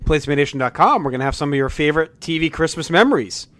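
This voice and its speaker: A man's voice: fairly high pitch, expressive, very fast, a bit bright, dry recording. A man co-hosting a casual comedy podcast, ranting and swearing with jokey outrage. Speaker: podcast co-host.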